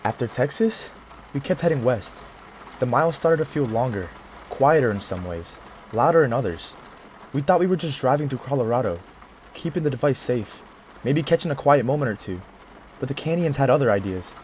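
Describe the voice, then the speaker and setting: An actor playing a devoted young husband who also narrates, speaking in an earnest, reflective way. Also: male voice, medium pitch, lively intonation, normal speed, darkish tone, slight background noise, lightly acted. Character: devoted young husband missing his far-away wife. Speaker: narrator and lead character.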